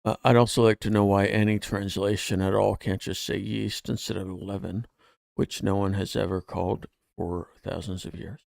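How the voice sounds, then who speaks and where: A man chatting on a podcast in a gravelly, creaky voice. He asks wry, questioning follow-ups and reads passages aloud. The recording is dry, with no room sound. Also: on the low side, little pitch movement, moderate pace, a little mellow, dry recording. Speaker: podcast co-host. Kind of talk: casual chat.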